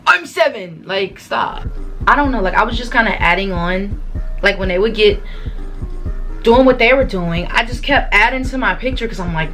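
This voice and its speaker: Young adult woman vlogger, chatty slang storyteller, mid pitch, faint music under. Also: expressive, moderate pace, pushed and bright. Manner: slangy, chatty, talks straight to viewers. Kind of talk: casual storytime vlog. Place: her bedroom. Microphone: camera.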